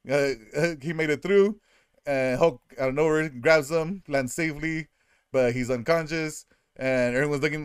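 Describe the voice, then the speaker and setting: A man's voice: a little high, unhurried, clean tone, dry recording, studio quality. Man recapping a film with jokey impressions. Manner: rambling, laughing, acting out lines. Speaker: podcast co-host. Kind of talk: casual movie recap chat.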